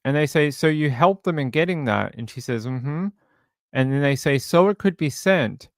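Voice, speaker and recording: A man's voice: a little high, lively intonation, moderate pace, no echo, clean studio sound. A man hosting a true crime channel, reading a police interview transcript aloud in a plain way, with fillers and restarts.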